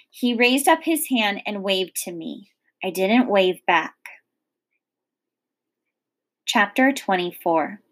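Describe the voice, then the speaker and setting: A woman teacher reading a children's novel aloud in an expressive storybook manner. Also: mid-range voice.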